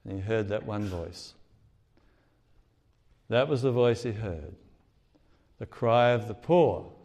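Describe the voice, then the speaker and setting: A man's voice: lowish voice, expressive, slow, a little mellow. A man preaching a sermon in a church sanctuary, speaking earnestly and acting out the cries of gospel figures.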